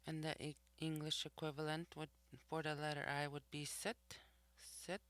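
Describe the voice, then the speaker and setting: A language teacher in a recorded vocabulary lesson, who says each word slowly twice and then explains what it means. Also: medium pitch, monotone, fairly bright tone, no room sound. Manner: slow and deliberate, repeats each word twice; explains each word's meaning after saying it.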